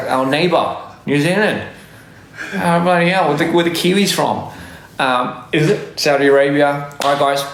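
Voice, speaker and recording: A man chatting casually to fans on a livestream, giving rambling shout-outs with many restarts. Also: medium pitch, creaky, echoey room, a little hiss or hum. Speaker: livestreaming artist. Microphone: phone.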